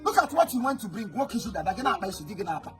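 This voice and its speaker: Loud scolding Nigerian man, high-pitched. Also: very animated, rapid-fire, over music. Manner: loud scolding, mixing English and Igbo, sing-song taunts. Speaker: angry father in a comedy skit. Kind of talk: comic skit acting.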